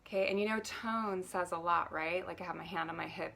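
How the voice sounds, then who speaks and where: A woman coaching on self-love in a live stream, calmly leading breathing and speaking in a gentle, guiding way that sometimes drops to a near whisper. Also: lowish voice, normal speed, gravelly, few pauses, slight background noise.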